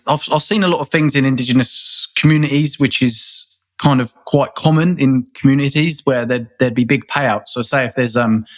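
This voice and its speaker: A man, a guest in a casual interview, talking earnestly and rambling, often repeating words and restarting. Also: mid-range voice. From England.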